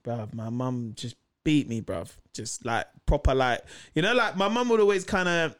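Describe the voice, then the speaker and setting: A young man with a London accent telling animated stories in a casual podcast chat, acting out the people he quotes. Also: medium pitch, normal speed. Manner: animated, acts out quotes in voices. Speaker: podcast guest. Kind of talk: casual storytelling.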